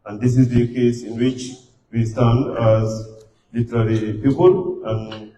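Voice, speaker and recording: A man's voice: medium pitch, steady tone, measured pace, mellow. A man working as master of ceremonies at a book launch, speaking formally with frequent hesitations. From Gambia. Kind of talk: formal event hosting. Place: event hall. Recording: echoey hall, distant mic, faint noise.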